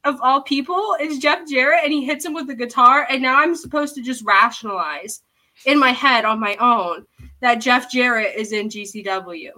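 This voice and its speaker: A woman talks through a story in a casual co-host chat, with a high-pitched, bright voice. She acts out her own reactions as she goes and often laughs mid-sentence. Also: moderate pace, poor audio. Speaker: co-host reviewing wrestling.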